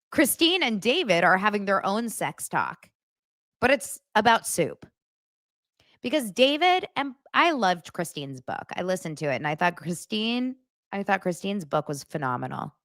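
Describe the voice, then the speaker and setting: A woman's voice: mid-range voice, big pitch swings, moderate pace, fairly bright tone, no echo, studio quality. A young adult woman hosting a celebrity gossip show, talking in a gushing, dramatic way with exaggerated reactions. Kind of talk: casual gossip commentary.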